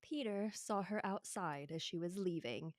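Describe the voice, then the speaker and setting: A woman's voice: fairly low pitch, measured pace, no echo, clean studio sound. Chatty woman from Yorkshire explaining. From Yorkshire, England. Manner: explanatory, chatty, lots of "like" and "sort of". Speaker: podcast co-host. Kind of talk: casual true-crime chat.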